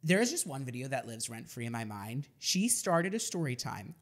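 A woman's voice: extremely low pitch, big pitch swings, normal speed. A woman co-hosting a casual chat podcast, blunt and emphatic and swearing freely. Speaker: podcast host.

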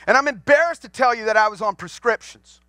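A man's voice: extremely high pitch, fast, pushed and bright, dry recording, studio quality. A man in his forties, a pastor, preaching a sermon to his congregation in a folksy storytelling way, asking them questions as he goes. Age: 40s. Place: church sanctuary.

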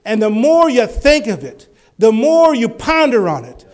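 A male preacher giving a sermon, telling healing stories and rising to loud, fervent exclamations. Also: extremely high pitch, big pitch swings, a little slow.

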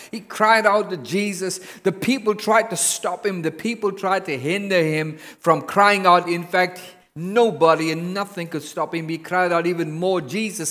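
A man preaching a sermon in a church, slow and emphatic, building to loud exhortation. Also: sits high, in a large hall.

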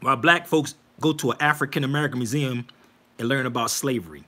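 A man's voice: mid-range voice, quick pace. A man talking casually and insistently to viewers on a livestream, preaching and calling out to them directly. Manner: animated, preachy, addresses viewers as y'all. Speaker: livestream host.

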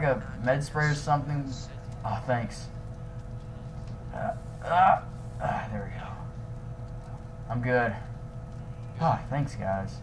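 Excitable young man with a lively voice. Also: on the high side, a little hiss or hum, rough recording. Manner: excitable, swings between shouting and nervous mumbling. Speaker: YouTuber voicing his own game character. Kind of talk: improvised fan machinima dialogue.

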